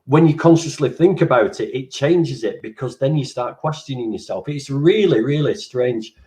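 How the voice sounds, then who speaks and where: A man hosting a casual interview, chatty and animated, casually swearing. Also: medium pitch, normal speed. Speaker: interviewer, channel host.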